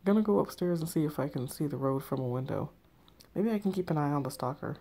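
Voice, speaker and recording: Scared young woman texting from her hiding spot, woman reading it, low mellow voice, quiet and tense. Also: expressive, fast talker. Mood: nervous. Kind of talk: text story read aloud.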